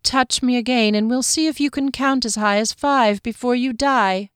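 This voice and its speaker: A woman's voice: on the high side, moderate pace, clean tone, dry recording, studio quality, voice pushed up, natural voice. A woman doing a brash teasing adventurer woman. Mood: menacing.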